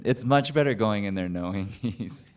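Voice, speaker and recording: A man with a very deep, smooth voice talks on a festival panel. He tells behind-the-scenes anecdotes with animated energy and laughs as he acts out other people's lines. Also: moderate pace. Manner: animated anecdotes, laughing while acting out quotes. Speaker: film director on a panel. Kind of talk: panel storytelling.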